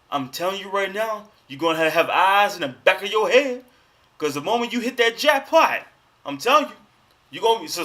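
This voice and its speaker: A man's voice: high voice, sharp tone. A young adult man hosting a live reaction stream, talking back at the screen in casual slang. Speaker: livestream host.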